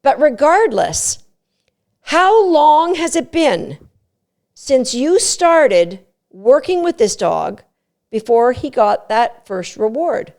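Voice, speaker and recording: A middle-aged woman hosting a dog training podcast, explaining methods in an emphatic, coaching tone with quick asides. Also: high voice, very animated, darkish tone. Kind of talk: instructional podcast talk.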